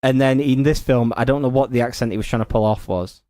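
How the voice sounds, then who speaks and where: A man co-hosting a podcast, chatting casually and quickly about films. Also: mid-range voice, fairly even intonation, dark tone, dry recording, studio quality. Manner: quick, chatty, film-buff asides. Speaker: podcast co-host and editor. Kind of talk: casual chat.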